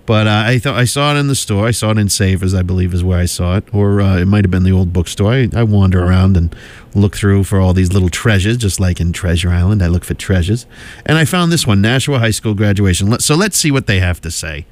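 A man's voice: sits low, fast talker, darkish tone. Chatty man rambling about old records. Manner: chatty, meandering, with many fillers. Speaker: host presenting old records. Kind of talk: casual rambling commentary.

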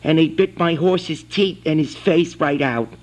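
Slightly high-voiced guy prank calling, rambling and pushy, throws in bird noises. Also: a little slow, darkish tone. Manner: rambling, insistent, makes animal noises. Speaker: prank caller. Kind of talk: phone call.

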